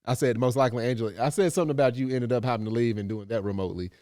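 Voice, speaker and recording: A man, co-hosting a casual chat, telling a story in a rambling, animated way with many restarts. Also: mid-range voice, racing, dry recording, studio quality. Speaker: co-host.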